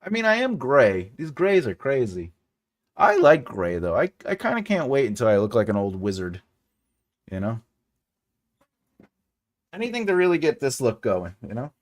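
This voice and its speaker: A man's voice: medium pitch, huge pitch swings, moderate pace, long pauses. A man in his forties hosting a writing channel, chatting casually with viewers, joking and laughing as he rambles through asides. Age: 40s. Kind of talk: casual livestream chat.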